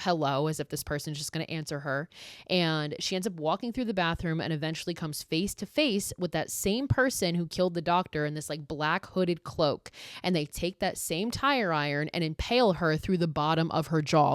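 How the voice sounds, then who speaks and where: A woman's voice: deep voice, no room sound, studio quality. A woman hosting a podcast, recapping a horror film in a chatty, profane way full of "like" fillers. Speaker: podcast host.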